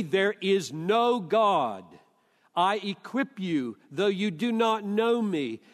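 Older guy preaching, slow deliberate sermon, lots of scripture quotes, big echoey hall. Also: high voice. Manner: emphatic, deliberate, quoting scripture.

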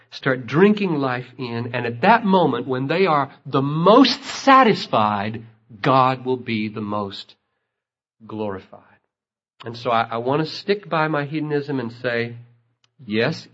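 Male preacher, husky, mid-pitched, builds to emphatic peaks; lo-fi recording. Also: fairly bright tone. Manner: impassioned, rising to emphatic peaks. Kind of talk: sermon. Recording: muffled lo-fi recording.

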